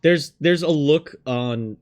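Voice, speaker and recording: A man's voice: fairly high pitch, slow pace. A man playing a tabletop role-playing game who thoughtfully describes his character's actions. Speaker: player.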